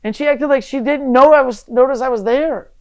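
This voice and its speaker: A young man from Michigan chatting on a podcast as a guest, swearing freely and telling animated stories that burst into loud shouts. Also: extremely high pitch, a little fast, clear, resonant tone, poor audio. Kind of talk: casual podcast chat.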